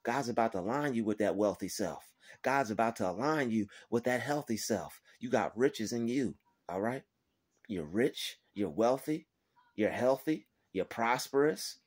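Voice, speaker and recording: A man's voice: medium pitch, animated, moderate pace, breathy edge. Man giving an emphatic, profane pep talk. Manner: emphatic, repetitive, swearing freely. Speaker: faith-based motivational vlogger.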